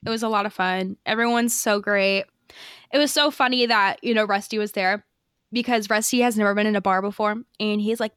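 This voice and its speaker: Young woman, bubbly chatty podcast co-host, bright clear tone, dry close mic. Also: medium pitch, steady tone, brisk, no room sound. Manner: chatty, bubbly storytelling full of fillers. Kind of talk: casual chat.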